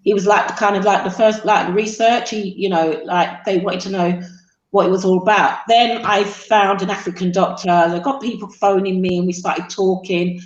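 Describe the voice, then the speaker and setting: A middle-aged woman, a guest on a talk show, tells her son's story haltingly with many fillers. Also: medium pitch, steady tone, lo-fi sound. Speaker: guest, mother of a man with sickle cell. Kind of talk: emotional interview storytelling. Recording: roomy echo.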